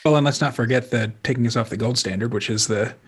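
Podcast co-host, male, husky, wry and laid-back, middle pitch. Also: quick pace. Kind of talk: casual political talk.

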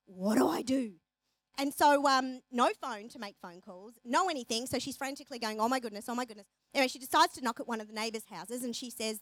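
A woman's voice: sits high, no echo, rough recording. A woman giving a motivational talk, telling stories and acting out the voices of the people in them. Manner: storytelling, animated, acts out quoted voices. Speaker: speaker.

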